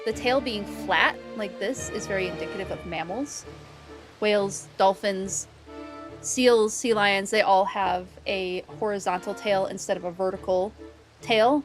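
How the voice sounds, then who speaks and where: A woman streamer and biologist chatting casually while playing a game, explaining with enthusiasm and laughing often. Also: medium pitch. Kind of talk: casual game-play commentary.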